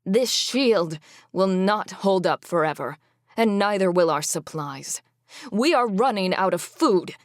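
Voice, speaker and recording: A woman's voice: mid-range voice, lively intonation, a little slow, no echo, clean studio sound, natural voice. Woman voicing a desperate Fae queen. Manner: pleading, raised.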